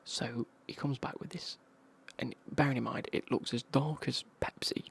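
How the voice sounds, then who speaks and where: A man with an English accent whispers a rambling, slangy travel anecdote right up against an ASMR microphone. His voice is breathy and raspy, with a gravelly fry under the whisper. Pitch sits in the middle for a man. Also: fairly even intonation, normal speed. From England. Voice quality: husky whisper. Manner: chatty, casual anecdote telling with slang. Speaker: ASMR creator.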